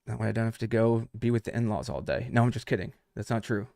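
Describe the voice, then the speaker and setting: A man's voice: on the low side, fast, vocal fry, warm tone, no echo, studio quality. A man teaching trading on a live stream, talking casually and swearing freely as he chats with viewers. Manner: casual, profane, talks straight to chat.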